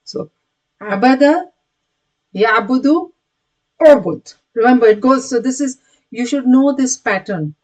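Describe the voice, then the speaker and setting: A woman teaching a recorded grammar lesson, patiently repeating words aloud and calling out each drilled word louder with hand gestures. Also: high voice, animated, unhurried, long pauses, rough recording. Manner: patient, repetitive, many restarts. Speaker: Quranic Arabic teacher.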